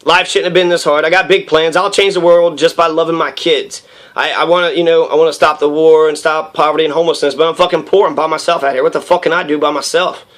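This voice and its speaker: A man's voice: on the high side, fairly even intonation, fast, a bit bright. A man in his thirties in a raw, rambling personal monologue, profane and heated, with many fillers. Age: 30s.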